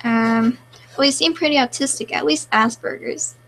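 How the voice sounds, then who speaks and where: A woman with a slightly high, gravelly, crackly voice chats casually on a live stream. She reads viewer comments aloud and answers them offhandedly, trailing through fillers. A faint hiss sits under her voice. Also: normal speed, fairly bright tone.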